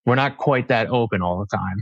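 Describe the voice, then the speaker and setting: A man's voice: lowish voice, a little fast, dry recording, lo-fi sound. A young man, a guest author in a podcast interview, speaking hesitantly with many restarts. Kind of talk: casual interview chat.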